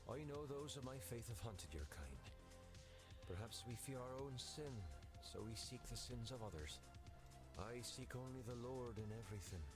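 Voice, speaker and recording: A man's voice: mid-range voice, expressive, close to an everyday voice. An actor voicing a solemn, sermonizing male goth priest with an Irish accent in a video game. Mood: soothing. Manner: grave, sermonizing, drawn-out phrasing. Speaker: game character. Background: game music.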